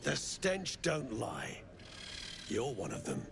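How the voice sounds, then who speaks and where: An actor playing a gruff, greedy mercenary who talks in coarse, threatening slang. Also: male voice, mid-range voice, huge pitch swings, takes it slowly, over music, full character voice. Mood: menacing.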